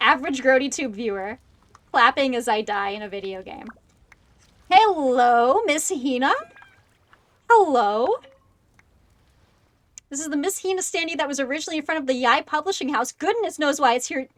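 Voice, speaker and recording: A woman in her twenties chatting excitedly on a gaming livestream, making self-deprecating asides into a close desk microphone. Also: sits high, moderate pace, pauses often, no echo. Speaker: streamer. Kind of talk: casual gaming livestream chat.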